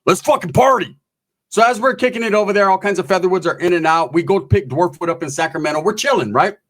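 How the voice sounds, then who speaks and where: A man telling a profane, comedic story in an animated, swaggering way, full of slang. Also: high voice, fast.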